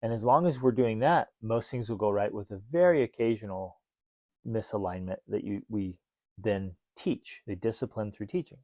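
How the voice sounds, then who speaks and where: A man's voice: fairly low pitch, normal speed, dry recording. A middle-aged man co-hosting a casual parenting podcast, talking animatedly and acting out bits of dialogue. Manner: animated, acts out quoted dialogue. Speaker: podcast co-host.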